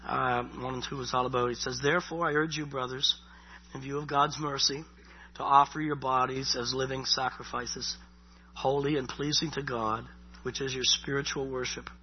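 In a dull, lo-fi recording with slight background noise, a middle-aged male pastor delivers a loose, conversational sermon. He speaks at normal speed in a mid-range voice with fairly even intonation, often repeating himself and peppering his talk with "you know."

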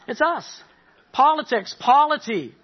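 A man's voice: very high voice, breathy edge, highs cut off. A middle-aged man from Canada preaching a sermon, talking conversationally with asides and rising animation. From Nova Scotia, Canada. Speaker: pastor.

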